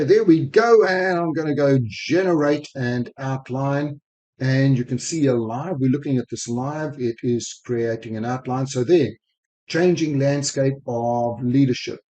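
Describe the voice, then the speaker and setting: This man speaks with an accent blending South African, Spanish and American sounds, and he rattles through a software demo with eager enthusiasm. His tone is mellow and his pitch is mid-range for a man. He talks into a desk microphone while recording his screen. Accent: mixed South African, Spanish and American. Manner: quick, enthusiastic talk. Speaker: sales technology speaker.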